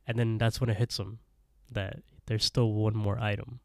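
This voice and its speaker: A man's voice: on the low side, little pitch movement, unhurried, no echo, clean studio sound. A man co-hosting a podcast, recapping an episode in a rambling, casual way and acting out the characters' lines with laughs. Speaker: podcast co-host.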